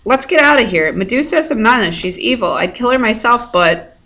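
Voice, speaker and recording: A woman's voice: on the high side, lively intonation, brisk, sharp tone, pitched above the performer's own voice. A woman reading aloud voices an urgent, commanding teenage girl. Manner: insistent, commanding. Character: urgent bossy teen girl.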